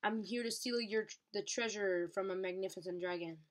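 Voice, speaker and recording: A woman voicing a bold, playful young male dragon who talks loud and boisterous. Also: medium pitch, normal speed, close to an everyday voice.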